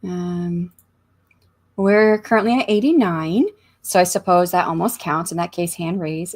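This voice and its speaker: A middle-aged American woman with a lowish voice hosts a casual writing livestream from a room in her home. She speaks unhurriedly, rambling and thinking aloud, and reads viewer comments out loud as an author host.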